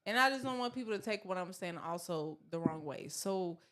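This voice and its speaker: Woman in her thirties, Southern US accent, lowish voice, chatty podcast guest who rambles and restarts often. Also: expressive, a little fast, fairly bright tone. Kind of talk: casual chat.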